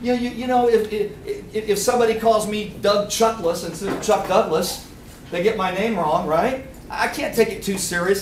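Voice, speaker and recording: A man giving a lively seminar talk, quizzing the audience and acting out little scenes. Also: high-pitched, normal speed, a little hiss or hum. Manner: energetic, quizzes the crowd, acts out little scenes. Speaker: seminar speaker. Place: meeting room with audience. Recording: echoey room, picked up from a distance.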